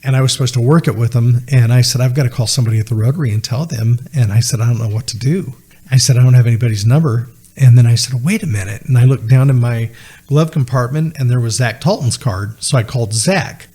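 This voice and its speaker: A man's voice: mid-range voice, fast, dark tone, slightly rough. Earnest man telling a story. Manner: earnest, retells dialogue with many "he said" asides. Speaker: podcast guest. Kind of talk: conversational storytelling.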